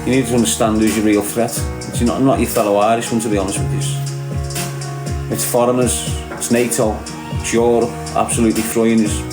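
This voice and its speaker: A man's voice: lowish voice, level tone, a little fast. Scouse man ranting in an echoey room. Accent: Liverpool. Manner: rambling and emphatic, talks straight to the listener. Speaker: podcast host. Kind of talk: casual livestream chat. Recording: echoey room with music playing behind.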